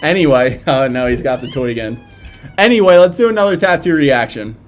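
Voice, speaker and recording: A man's voice: medium pitch, lively intonation, fairly quick, a little hiss or hum. A man with a Philadelphia accent hosting a casual live stream, chatting and reading viewer comments aloud with plenty of fillers.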